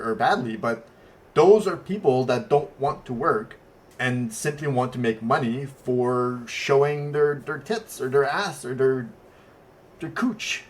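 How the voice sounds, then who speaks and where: A man's voice: mid-range voice, animated, a little slow. A native French-speaking man co-hosting a podcast, telling rambling stories in casual chat with blunt talk and swearing. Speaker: podcast co-host.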